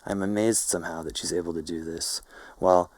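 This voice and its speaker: Guy reading his novel out loud, low flat voice, dry close sound. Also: breathy edge, no echo, rough recording. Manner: slow, hazy and poetic. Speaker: narrator. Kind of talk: literary first-person narration.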